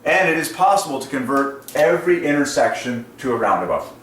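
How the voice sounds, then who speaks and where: A man's voice: medium pitch, sing-song, brisk, fairly bright tone. A man hosting his channel, ranting enthusiastically in a casual monologue and laughing often. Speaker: channel host. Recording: roomy echo, distant from mic, faint noise.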